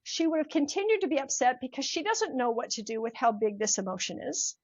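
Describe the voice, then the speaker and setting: Brisk and high-pitched, an older mindset coach relates a personal story during a podcast interview, bringing it to life by performing the voices. The audio sounds dull, and there's no room sound.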